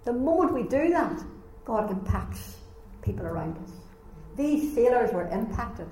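Woman preacher, lively storyteller, echoey room, faint background hum. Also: a little high, a little slow. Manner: animated storytelling, acting out voices. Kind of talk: sermon.

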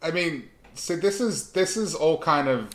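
A man's voice: a little high, lively intonation, a little slow. A man co-hosting a podcast, mostly giving short reactions and teasing remarks in casual chat. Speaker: podcast co-host.

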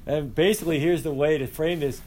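A male teacher lecturing a class in an energetic, conversational way, asking the students questions. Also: fairly high pitch, a little fast.

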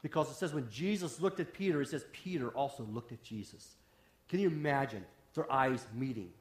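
Man, pastor, impassioned sermon, sudden hushed drops, mid-pitched voice, echoey sanctuary. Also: animated, brisk. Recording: roomy echo.

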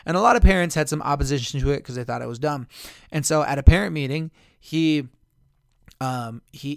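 A man's voice: a little high, brisk, gravelly, dry recording, studio quality. A man hosting a solo parenting podcast, chatty and encouraging, often correcting himself mid-sentence. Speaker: podcast host. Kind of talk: casual solo podcast talk.

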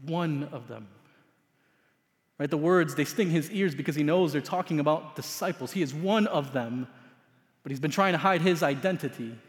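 A male pastor preaching with a high voice. He tells the story dramatically, swinging from loud emphasis down to hushed asides. His voice carries a long reverb, as in a large hall. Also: normal speed. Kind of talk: sermon.

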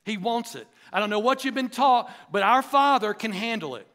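A pastor preaching a sermon, in an earnest, emphatic style that repeats phrases for weight. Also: male voice, sits high, lively intonation, normal speed, a bit bright.

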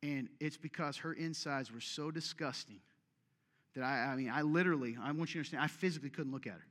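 A man preaches in a lively, conversational way, pressing his points and then dropping to a near-hush. His voice sits a little high for a man. The sound carries the long reverb of a large hall. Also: quick pace. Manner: emphatic, conversational preaching with swings in loudness. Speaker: pastor. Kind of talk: sermon.

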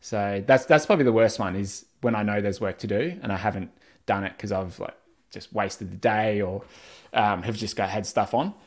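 A man, chatting in a relaxed, rambling way and laughing often. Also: on the low side, normal speed. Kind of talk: casual chat.

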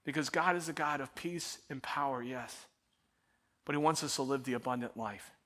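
In a church auditorium, a middle-aged male pastor preaches a sermon, telling a story with animated, self-deprecating energy before growing quiet and prayerful. He speaks at a normal speed with a medium pitch.

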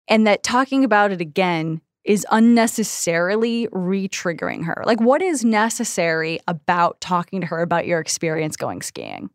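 A woman's voice: medium pitch, no echo, clean studio sound. A young woman co-hosting an advice podcast, chatting casually, giggling often and rambling with frequent restarts. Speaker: podcast co-host.

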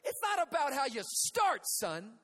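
A preacher putting on his wildly upbeat shouting dad. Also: very high voice, wildly swooping pitch, unhurried, voice pushed up, heavily acted. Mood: overjoyed. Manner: shouting, exclaiming. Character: relentlessly upbeat middle-aged father, overexcited. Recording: long hall reverb.

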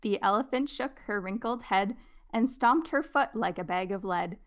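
A woman co-hosting a podcast, reading a picture book aloud and leading a casual discussion in an expressive way. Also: mid-range voice, moderate pace. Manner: expressive, animated. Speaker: podcast co-host.

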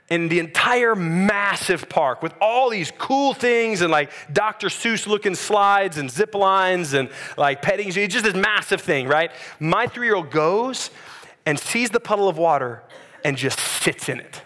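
A man, preaching a sermon as a pastor and telling a story in a conversational, animated way. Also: sits high, unhurried.

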